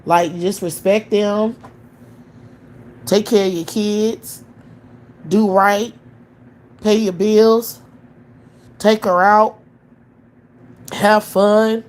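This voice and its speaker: A woman's voice: mid-range voice, steady tone, extremely slow, pauses often, darkish tone. A woman hosting a livestream, ranting in blunt, profane commentary and firing off scornful rhetorical questions. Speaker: livestream host.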